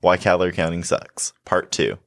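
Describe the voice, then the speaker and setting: In clean studio sound with no room tone, a young man with a deep voice speaks at normal speed. He's a health coach co-hosting a podcast, chatting casually, joking and laughing often in an animated way.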